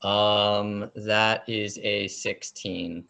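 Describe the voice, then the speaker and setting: A man plays a tabletop game in a deep, gravelly voice. He speaks very slowly and in a laid-back way, reading out his rolls. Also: little pitch movement, sharp tone. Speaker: player. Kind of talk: casual tabletop play.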